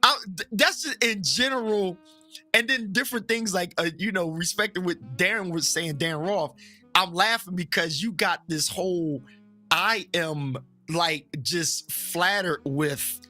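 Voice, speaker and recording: A man with a Baptist preacher's background talks openly as a podcast guest, his voice bright and forceful. He jokes and makes blunt points, sometimes slowing right down for emphasis and sometimes acting out other people's voices. Soft music plays faintly behind him. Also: high-pitched. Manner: frank and joking, drops into slow emphatic phrasing. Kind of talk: casual opinionated chat.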